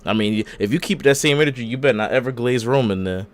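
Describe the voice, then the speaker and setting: A man's voice: mid-range voice, fast talker. A young man hosting a casual wrestling podcast, bantering with his co-hosts and recapping matches with exaggerated voices. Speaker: podcast host.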